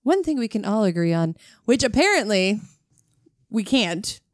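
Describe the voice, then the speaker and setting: A woman's voice: medium pitch, sing-song, moderate pace, no echo, clean studio sound. A young woman co-hosting a podcast, wryly poking fun at herself. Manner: self-mocking, counts points off. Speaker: podcast co-host. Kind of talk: casual chat.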